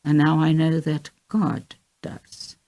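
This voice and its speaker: A woman's voice: low voice, completely flat delivery, takes it slowly, warm tone. A woman reading a young woman with cancer, heartfelt and teary, in an audiobook of a memoir. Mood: reflective.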